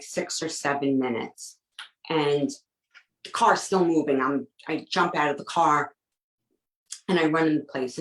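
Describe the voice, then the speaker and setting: A woman with a low, deep voice recounts a painful personal story as a guest. She stumbles and repeats words, quoting the people she spoke with. The sound rings around an echoey room. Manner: emotional, halting retelling with quoted dialogue.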